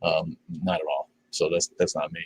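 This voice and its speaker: An older man talks in a low, unhurried voice, blunt and sarcastic, swearing freely as he answers viewer comments. The sound is dry and close, with no room around it. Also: little pitch movement, slightly rough, no room sound, low-quality recording. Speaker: live stream host. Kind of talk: casual live-stream chat reading viewer comments.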